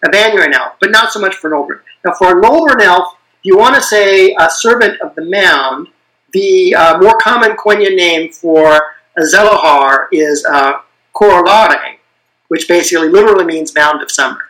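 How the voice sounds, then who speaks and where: A man with a bright, forceful voice pitched a little high walks through his explanation step by step. He is patient and thorough, and he often pauses on "uh" while he thinks. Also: animated, rough recording. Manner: patient, detailed explanations with frequent fillers. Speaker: guest expert on invented languages. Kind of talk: explanatory podcast chat.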